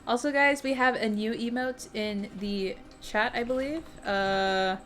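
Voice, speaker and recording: A woman's voice: on the high side, measured pace, a bit bright. A young woman hosting a livestream, chatting casually and bubbly with her viewers, greeting them by name and swearing now and then. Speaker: livestream host. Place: home streaming setup. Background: faint music playing.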